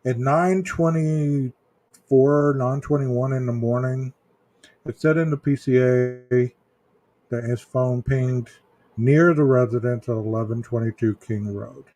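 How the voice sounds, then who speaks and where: A man's voice: mid-range voice, steady tone, slow pace, warm tone. A man hosting a true-crime livestream, chatting casually with viewers in chat, rambling with fillers and restarts.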